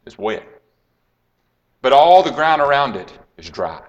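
A man preaching, retelling a Bible story with dramatic swings between hushed and raised delivery and acting out the quoted lines. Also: mid-range voice, sing-song, a little slow, highs cut off. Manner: dramatic storytelling, acts out quoted lines, drops to a hush then rises.

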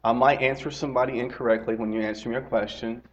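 A middle-aged man, a lay preacher and teacher, gives his congregation a chatty sermon at a quick pace, his mid-range voice holding a steady tone. He echoes his main phrases and asks the people listening direct questions. The recording is lo-fi and slightly dull.

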